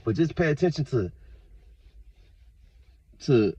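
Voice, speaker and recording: Husky-voiced man ranting on a vlog. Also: medium pitch, big pitch swings, slow pace, dry recording, muffled recording. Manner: profane, rambling rant with sudden loud bursts. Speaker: vlogger. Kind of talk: casual monologue to camera.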